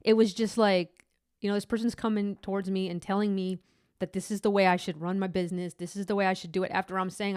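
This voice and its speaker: A woman's voice: medium pitch, brisk, darkish tone, no room sound, studio quality. A woman hosting a podcast, telling a candid personal faith story in a rambling way with many restarts. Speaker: podcast host.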